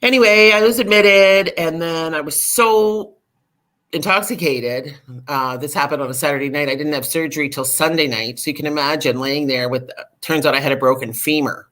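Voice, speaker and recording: A middle-aged woman, a podcast guest, candidly telling a personal recovery story in an animated way, full of fillers. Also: low voice, moderate pace.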